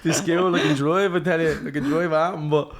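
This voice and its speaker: A man's voice: a little high, steady tone, moderate pace, crowd noise. A young Irish man in his twenties, a boxer guest telling stories in casual podcast chat, full of fillers and swearing. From Ireland.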